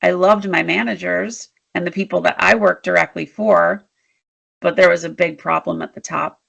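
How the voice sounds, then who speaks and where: A woman interview guest, a leadership strategist, telling work stories in an animated, emphatic way. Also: lowish voice, gravelly. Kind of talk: storytelling in a conversational interview.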